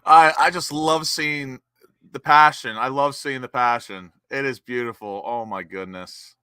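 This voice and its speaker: A young man hosting a live football watch-along, cheering as an excitable fan. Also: medium pitch, unhurried, clear, resonant tone, no echo.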